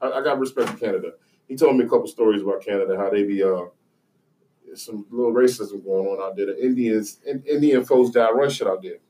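A man's voice: fairly low pitch, brisk, dark tone, far from the mic, poor audio. A man co-hosting a casual chat, telling profane joking stories. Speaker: podcast co-host.

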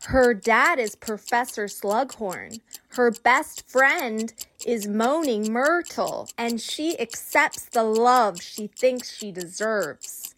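A woman's voice: sits high, expressive, a bit bright. Woman doing a prim, self-important young actress. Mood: smug. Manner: haughty, self-congratulatory, slow and deliberate. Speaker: listener giving a recap. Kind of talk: comedic impression.

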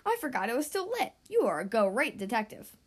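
A woman voicing a hearty, forgetful ship captain in a storybook read-aloud, speaking in a loud, blustery way. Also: fairly high pitch, sing-song, a little fast, husky.

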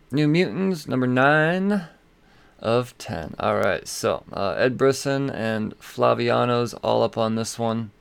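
A man's voice: on the low side, creaky, clean tone. A man hosting a podcast, chatting casually about comic books in a rambling, profane way with frequent fillers. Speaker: podcast host. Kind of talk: casual comic book news chat.

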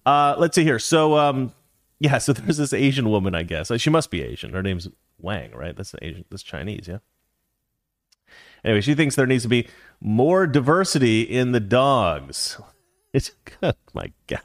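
Sarcastic ranting male host, lively pitch. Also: moderate pace, no room sound, clean studio sound. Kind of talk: casual livestream commentary.

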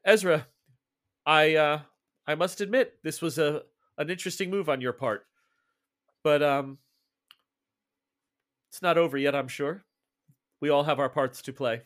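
A man's voice: fairly high pitch, measured pace, pauses often, lightly acted. A man voicing a wry, poised woman spy.

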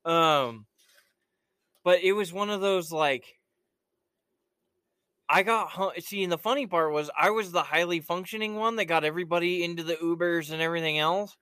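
Bright-voiced man telling rowdy stories. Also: on the high side, moderate pace, pauses often, clear, resonant tone, no echo, clean studio sound. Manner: profane, rambling storyteller. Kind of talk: casual chat.

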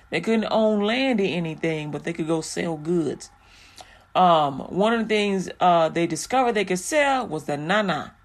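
A woman teaching a Bible passage in a casual, frank and joking way, with lots of fillers. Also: fairly low pitch.

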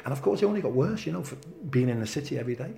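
Fast-talking Danish man with Scouse lilt. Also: mid-range voice, vocal fry. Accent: Danish with a Liverpool lilt. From Denmark. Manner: animated, acts out quotes. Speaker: former footballer guest. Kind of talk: anecdotal interview storytelling. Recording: roomy echo.

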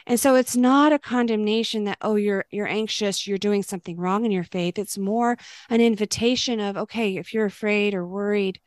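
A woman's voice: mid-range voice, fairly even intonation, moderate pace, hardly any pauses, no room sound. Earnest middle-aged woman sharing her faith. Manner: earnest and gentle, dropping to a soft hush on prayers. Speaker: Christian speaker sharing her testimony. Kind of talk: personal faith testimony.

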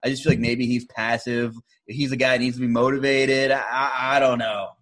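A man co-hosting a casual basketball betting podcast, rambling in a relaxed way and trailing off. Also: medium pitch, fairly quick. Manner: laid-back, rambling, trailing off. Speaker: fantasy basketball podcast co-host.

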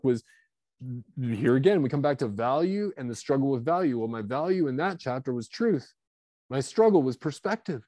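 A man in his fifties, a guest author telling personal stories in an animated, confessional way with lots of fillers and restarts. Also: fairly high pitch, no echo. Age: 50s. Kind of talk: candid storytelling.

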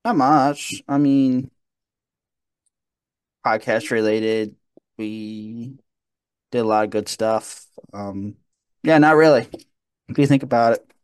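A man's voice: medium pitch, slow, pauses often, darkish tone, clean tone, no room sound. A man co-hosting a podcast over a remote call, joking at his own expense. He often stops and restarts mid-sentence, and his voice sounds dry and close. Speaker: podcast co-host. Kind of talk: casual chat.

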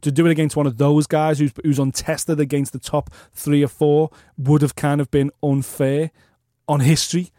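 A man's voice: on the high side, flat delivery, normal speed, warm tone, dry recording, clean studio sound. Enthusiastic man talking fights. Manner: enthusiastic, emphatic. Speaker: podcast co-host. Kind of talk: casual MMA podcast chat.

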